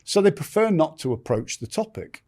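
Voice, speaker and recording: A man's voice: on the high side, very animated, moderate pace, a little mellow. A middle-aged man, a podcast guest, telling stories in conversation and acting out other people's lines. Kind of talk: storytelling in conversation.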